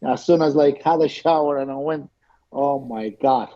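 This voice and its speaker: A man guest on a remote call, telling stories in a casual chat with lively, animated delivery and frequently repeated words. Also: mid-range voice, moderate pace. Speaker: guest bodybuilder. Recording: dull lo-fi call audio.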